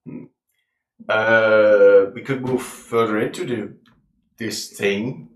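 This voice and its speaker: A man playing a tabletop game, talking hesitantly with many pauses and ums. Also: lowish voice, steady tone. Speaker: player. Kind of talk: tabletop role-play. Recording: echoey room, far from mic.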